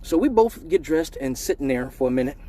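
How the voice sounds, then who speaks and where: A man's voice: fairly high pitch, lively intonation, brisk, mellow. A man telling a raunchy comic story on a live stream, profane and laughing often.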